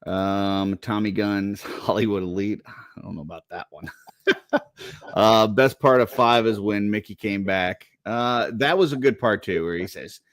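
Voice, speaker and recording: A man co-hosting a casual live stream, rambling in a relaxed way, laughing often as he reads viewer comments. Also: fairly low pitch, unhurried, dry recording, studio quality. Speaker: co-host reading viewer comments.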